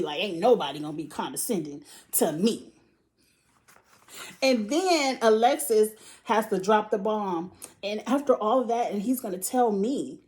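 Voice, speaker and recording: A woman's voice: medium pitch, a little mellow. A young woman host casually recapping a reality TV episode, blunt and profane, acting out mock quotes with lots of laughter.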